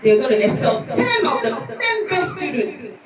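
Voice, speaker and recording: A woman's voice: high voice, very animated, normal speed, over loud music. A woman teacher giving an earnest conference lecture, telling a personal story from her school. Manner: earnest, storytelling, acts out quoted voices. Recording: echoey hall, distant mic, audience.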